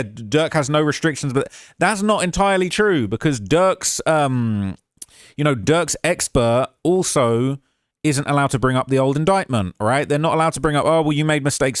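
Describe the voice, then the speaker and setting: Brief: male commentator, casual and emphatic, mid-pitched voice, dry close recording. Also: dry recording. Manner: emphatic and conversational, with frequent "all right?" asides. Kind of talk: casual commentary on a court case.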